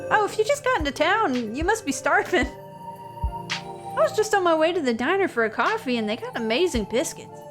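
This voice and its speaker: A woman's voice: extremely high pitch, very animated, normal speed, pitched above the performer's own voice. A woman voicing a chatty elderly townswoman with a sly, dry wit as she reads a visual novel aloud. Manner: teasing, gossipy and theatrical. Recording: game music behind the voice.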